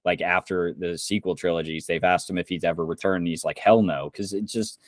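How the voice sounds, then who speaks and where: Low-voiced young man ranting angrily. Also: steady tone, fairly quick, no echo, studio quality. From Indiana. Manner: heated, swearing rant. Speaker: podcast co-host. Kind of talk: casual podcast chat.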